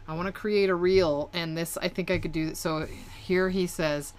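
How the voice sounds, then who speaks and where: Low-voiced rambling female co-host. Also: steady tone, normal speed, hardly any pauses. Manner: rambling, with fillers and laughs. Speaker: podcast co-host. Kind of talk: casual chat.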